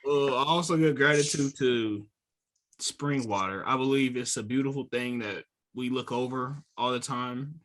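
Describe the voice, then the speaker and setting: A man co-hosting a podcast, speaking in a laid-back, drawn-out way. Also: mid-range voice, a bit bright. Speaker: podcast co-host. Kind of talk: casual chat.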